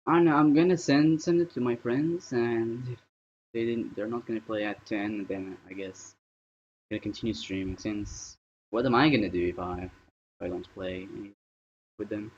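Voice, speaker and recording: Guy rambling to himself on a live stream, lowish voice, kinda dull lo-fi audio. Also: fairly even intonation, normal speed, slight background noise. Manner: rambling, thinking aloud while working. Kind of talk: casual live-stream chatter. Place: at home.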